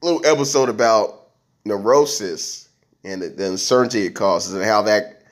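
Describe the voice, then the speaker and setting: A man's voice: lowish voice, moderate pace. A man hosting a podcast, talking alone in a loose, rambling way with frequent restarts. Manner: rambling, conversational, with many restarts and fillers. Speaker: podcast host. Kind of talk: casual monologue.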